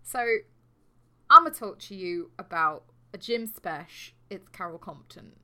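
Woman retelling a true crime case on a podcast, bright voice, swears a lot, jokey. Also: lowish voice, animated, a little slow. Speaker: podcast co-host. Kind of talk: casual true crime storytelling.

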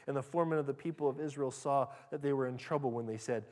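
A man preaching a sermon as pastor, rising loud and high when reading scripture and dropping soft and low when he applies it. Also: quick pace. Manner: dynamic preaching, pitch and volume rising sharply when reading scripture aloud.

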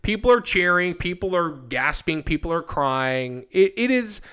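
Excitable, lively-voiced man. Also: sits high, measured pace, clean tone. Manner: excitable, enthusiastic fan. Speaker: podcast co-host. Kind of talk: casual chat.

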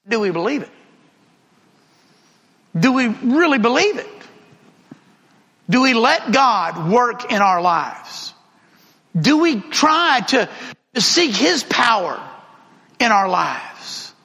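A man's voice: very high voice, sharp tone. A man teaching a Bible class in a conversational way, throwing rhetorical questions at the class. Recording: reverberant room recording.

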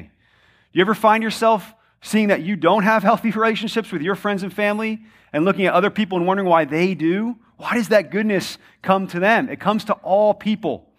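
High-voiced pastor preaching conversationally. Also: male voice, fairly bright tone. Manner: conversational preaching, frequent tag questions "right?"; repetitive rhetorical questioning. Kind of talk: sermon.

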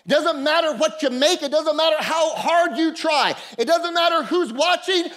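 Very high-voiced impassioned male preacher. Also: normal speed. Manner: impassioned preaching, bursts of shouting, calls to the congregation. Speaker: pastor. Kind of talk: sermon. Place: church service with a congregation.

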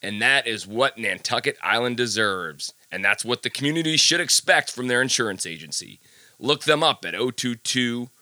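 A man's voice: medium pitch, animated, moderate pace, pushed and bright, no echo. A man hosting his podcast, chatting casually, cracking jokes and reading sponsor spots. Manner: chatty, jokey, self-deprecating. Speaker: podcast host. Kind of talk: casual podcast monologue with ad reads.

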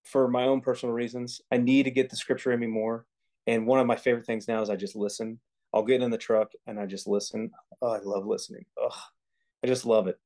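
A man co-hosts a faith podcast in an easygoing, earnest way, often stopping and restarting his sentences as he works out what he means. His voice sits at an ordinary middle pitch. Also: flat delivery, fast talker, warm tone. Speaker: podcast co-host. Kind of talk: casual faith conversation.

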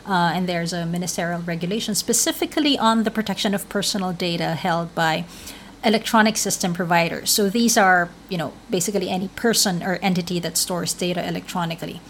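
A woman's voice: fairly low pitch, fairly quick, fairly bright tone, slight background noise. A woman correspondent answering interview questions in an explanatory way, with frequent fillers. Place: remote link from another city.

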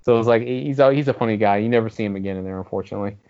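Brief: fast, rambling male co-host, low voice, muffled recording. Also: clear, resonant tone. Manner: rambling, animated, swears freely. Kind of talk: casual gaming chat. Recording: dull lo-fi audio.

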